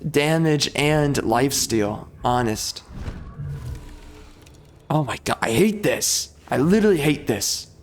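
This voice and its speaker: A young male gameplay streamer grumbles through his strategy game, growing exasperated as things go wrong. His voice sits in the mid range, and a little hiss or hum runs under the recording.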